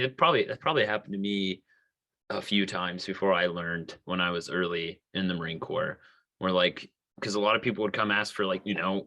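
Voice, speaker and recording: Bright-voiced, laid-back man. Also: sits low. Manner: laid-back, filler-heavy storytelling. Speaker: podcast co-host. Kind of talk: casual chat.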